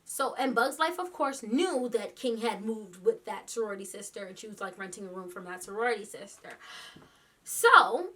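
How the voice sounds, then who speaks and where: A woman vlogger telling a story in casual chat, animated, laughing often and quoting others in quick asides. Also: a little high. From New York.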